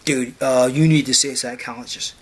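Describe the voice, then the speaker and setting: Stammering, husky man ranting. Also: medium pitch, fairly even intonation, brisk. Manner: stammering, rambling repetitions. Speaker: video host. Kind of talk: mocking rant to camera.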